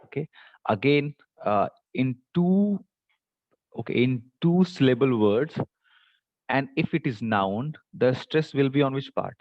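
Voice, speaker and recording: A man's voice: mid-range voice, lively intonation, a little slow, a little mellow, no room sound. A male lecturer reviewing topics for an exam in an online class, talking hesitantly with many fillers. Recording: dull dry lo-fi mic.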